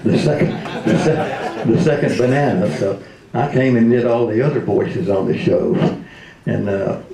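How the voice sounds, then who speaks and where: A man's voice: fairly low pitch, normal speed, creaky, dark tone, a little hiss or hum. A man in his seventies, a retired radio DJ, telling comic stories in a speech, laughing often and slipping into voices. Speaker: retired radio DJ, convention speaker. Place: convention hall. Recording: roomy hall.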